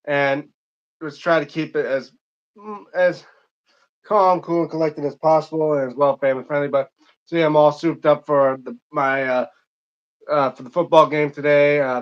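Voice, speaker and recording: A man's voice: fairly high pitch, fairly bright tone, dull audio. A young man from Michigan hosting an unscripted live stream, reading chat comments aloud and answering them in a rambling, casual way.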